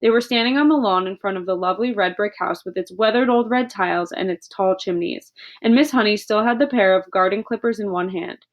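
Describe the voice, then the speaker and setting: A woman narrating a children's book aloud in a steady storytelling voice. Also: mid-range voice, a little fast, few pauses, muffled recording. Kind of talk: audiobook reading.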